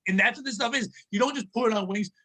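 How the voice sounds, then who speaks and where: High, bright-voiced profane podcast host. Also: male voice, fast. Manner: profane, animated, ranting. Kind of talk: casual comedic podcast chat, ad read.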